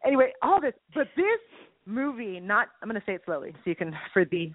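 A woman co-hosting a faith chat, bubbly and quick to burst into laughter as she acts out lines. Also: fairly high pitch, big pitch swings, dry recording. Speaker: podcast co-host. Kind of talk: casual chat about faith. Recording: tinny phone-like line.

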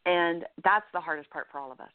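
Woman, life coach guest, earnest, animated, keeps asking "right?", tinny phone audio, no room echo. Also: on the low side, quick pace, smooth. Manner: earnest, animated, frequent "right?" check-ins. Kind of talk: coaching advice in a podcast interview. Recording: dry, tinny phone-line sound.

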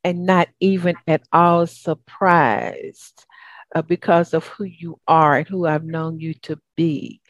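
Low-voiced effusive Southern host woman. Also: level tone, slow pace, no echo, lo-fi sound. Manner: effusive, encouraging, spiritual. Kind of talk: upbeat talk show chat.

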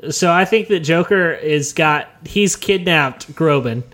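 A young man casually pitching a comedy scenario on a podcast, with hesitant ums and chuckles. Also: measured pace, fairly bright tone. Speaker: podcast co-host.

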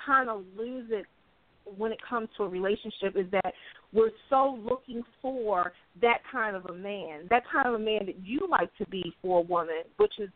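A woman's voice: medium pitch, normal speed. Chatty woman on a phone-like line. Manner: chatty, emphatic, keeps checking listener agrees. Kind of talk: casual podcast chat. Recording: tinny phone-like audio.

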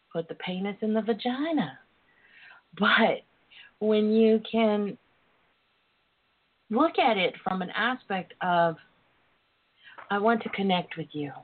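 Her voice sits at a medium pitch, and she talks slowly with frequent pauses. As a guest author and sex educator phoning in to a casual interview show, she speaks with earnest emotion and calls her audience darlings, all through a tinny line.

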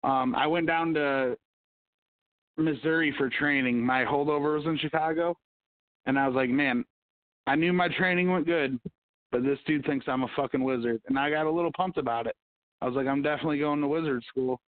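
A man's voice: a little high, a little fast. A man hosting a casual podcast, rambling and swearing constantly as he tells stories. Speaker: podcast host. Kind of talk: casual profane chat. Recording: tinny phone-like audio.

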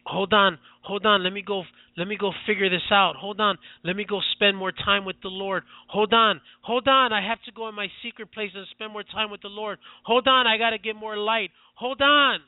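A preacher doing a frantic stammering believer. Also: male voice, high-pitched, steady tone, normal speed, hardly any pauses, no echo, voice pushed up, lightly acted. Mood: pleading. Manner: stammering, pleading, frantic stalling. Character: flustered unprepared believer caught out. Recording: dry tinny phone-like sound.

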